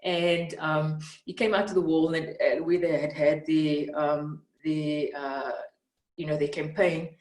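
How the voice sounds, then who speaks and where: A South African woman, interviewed as a mentor, tells reflective stories in conversation in a low, earnest voice, using frequent fillers and growing animated when she retells a scene. She speaks a little slowly, sitting some way from the mic in a roomy space with a noticeable echo.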